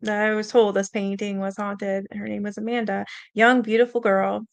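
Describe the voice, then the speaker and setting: A woman's voice: mid-range voice, flat delivery, normal speed, creaky, no echo. A young adult woman hosting a stream, telling a personal ghost story in a rambling, casual way with lots of fillers, mild swearing, and an earnest, spooked tone. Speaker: host.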